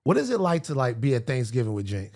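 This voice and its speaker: Emphatic, gravelly man. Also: medium pitch, very animated, quick pace, a little mellow. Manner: emphatic and slangy, with lots of restarts. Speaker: guest. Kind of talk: casual chat.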